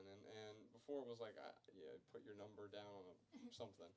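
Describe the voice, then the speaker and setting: A man in his thirties talks earnestly to an audience at a bookstore event. His voice sits on the low side, and he often stammers and restarts. The delivery is casual and sincere. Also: expressive, quick pace, few pauses, poor audio. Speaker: author speaking at a book event.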